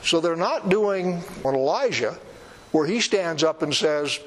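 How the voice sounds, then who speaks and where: Male preacher, fairly high voice, plain-spoken sermon with dry humor. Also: animated, a little slow, a little hiss or hum, low-quality recording. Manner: conversational, emphatic, with wry asides.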